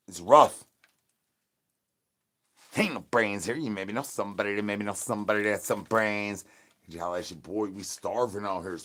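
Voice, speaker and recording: In a natural, lowish voice, a livestream entertainer plays a starving, crude male zombie streaming to his chat. The in-character comedy has him rambling in slang and repeating begging catchphrases.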